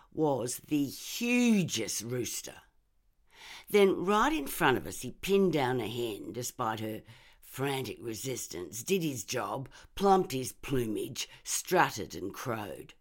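Woman reading a short story, slow, lots of lift and fall, bit husky. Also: a bass voice. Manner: measured, expressive storytelling. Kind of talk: first-person story narration.

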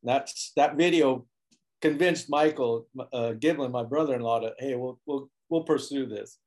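A man telling stories in a relaxed interview, acting out other people's lines as he goes. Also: mid-range voice, moderate pace. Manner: animated storyteller who acts out quotes. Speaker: guest, foil board maker. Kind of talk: casual storytelling interview. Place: Hawaii.

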